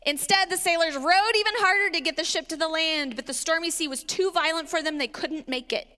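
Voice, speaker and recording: A woman's voice: very high voice, brisk, hardly any pauses, bright, forceful tone. A woman preaching a sermon, reading scripture aloud and animatedly acting out the voices in it, laughing along with her congregation. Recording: reverberant hall.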